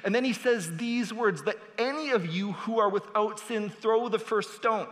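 A man's voice: sits high, moderate pace, a bit bright, in a large hall. A man preaching a sermon as pastor, earnest and building to emphatic appeals.

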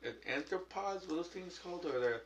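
A man in a casual group chat, jokey and quick to blurt out facts. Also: sits high, animated, reverberant, a crowd in the background, poor audio.

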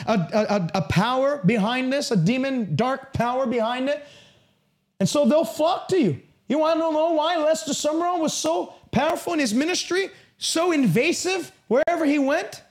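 Man, very high voice, fervent preaching, emphatic, sermon. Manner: impassioned, emphatic preaching with bursts of shouting.

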